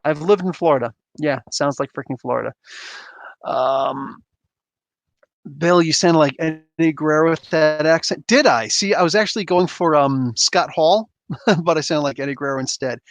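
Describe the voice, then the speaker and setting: Gravelly man chatting on a livestream. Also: on the high side, moderate pace, no echo. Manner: rambling, chuckling, reacting to chat comments. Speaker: livestream host reading chat. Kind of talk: casual livestream chat.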